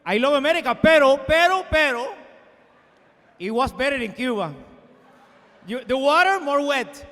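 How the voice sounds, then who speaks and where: A man's voice: very high voice, expressive, normal speed, fairly bright tone, big-room sound, pitched above the performer's own voice. A comedian putting on the voice of an old Cuban exile man with a heavy Cuban Spanish accent. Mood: nostalgic, boisterous. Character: old male Cuban exile, nostalgic and cheerful. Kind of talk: stand-up impression.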